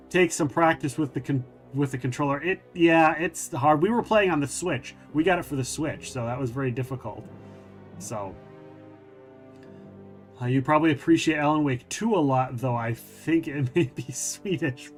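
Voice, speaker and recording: A middle-aged man hosting a gaming stream, chatting casually in a rambling, hesitant way with many fillers. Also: a little high. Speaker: streamer host.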